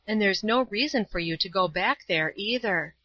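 A woman voicing a gentle, pious old woman who speaks calmly and tenderly in a storybook reading. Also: mid-range voice, normal speed, muffled recording.

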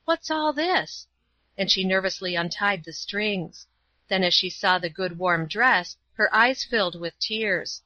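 Woman reading a story aloud, bright tone, dry close recording. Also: mid-range voice, fairly even intonation, a little slow, no echo, dull audio. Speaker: audiobook reader. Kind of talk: scripted narration.

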